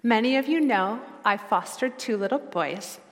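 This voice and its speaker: A woman's voice: a little high, expressive. Earnest woman preaching in reverberant church. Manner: earnest, reflective, slows for quoted scripture. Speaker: lay preacher. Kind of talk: sermon.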